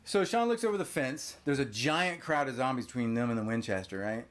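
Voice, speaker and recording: A man hosting a podcast, casually retelling a film's story to a child and prompting with quick questions. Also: mid-range voice. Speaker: podcast host. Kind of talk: casual movie recap chat with a child.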